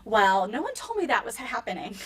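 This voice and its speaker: A woman in her thirties tells stories in a casual interview, acting out what people said with sudden jumps in her voice. She sits a little back from the mic, with faint noise behind her. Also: a little fast. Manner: animated, acts out quotes with big pitch jumps. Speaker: wrestler, interview guest. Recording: slightly distant mic, faint room noise.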